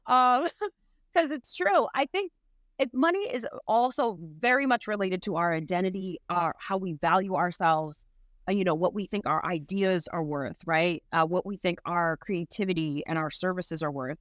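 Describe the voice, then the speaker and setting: A woman's voice: on the low side, normal speed, no room sound. Chatty laughing woman, dry mic. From New York. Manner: lively, laughs often, fills with "like" and "right?". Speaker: podcast guest, entrepreneur. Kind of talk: casual interview talk.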